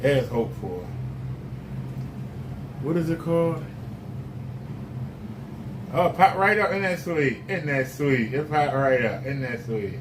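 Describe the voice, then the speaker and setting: A man's voice: medium pitch, expressive, measured pace, pauses often. A man giving rambling, repetitive casual reaction commentary. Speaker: commentary streamer. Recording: distant, roomy audio with background noise.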